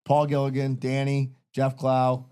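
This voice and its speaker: A man's voice: medium pitch, monotone, unhurried, warm tone, smooth. A man hosting a podcast, telling long rambling stories in casual chat and swearing often. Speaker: podcast host.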